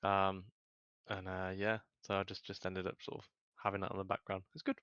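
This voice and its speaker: A podcast co-host, feeling unwell, talks in loose, rambling bursts full of ums and false starts. His voice is bright and clean, recorded close and dry on a somewhat dull, lo-fi mic. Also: low voice, level tone, fairly quick, clear, resonant tone, dry recording. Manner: rambling, many fillers and restarts. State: unwell with a cold. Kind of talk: casual chat.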